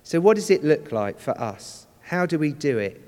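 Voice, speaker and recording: A man preaching a sermon in an earnest, measured way, slowing down to stress key phrases. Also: on the high side, big pitch swings, darkish tone. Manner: earnest, measured preaching with slow emphatic endings. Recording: church hall with long reverb.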